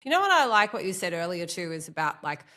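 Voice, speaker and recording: A woman's voice: lowish voice, big pitch swings, fast. A woman hosting a podcast interview, sounding nasal from a cold, chatting casually and thanking her guest. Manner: chatty, warm thanks, laughs easily. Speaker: podcast host.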